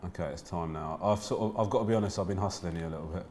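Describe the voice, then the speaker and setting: A man's voice: racing, a little mellow, a little hiss or hum. A man, a comedian appearing as a guest, trading dry, sarcastic banter while playing a video game. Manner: dry, sarcastic, low-key.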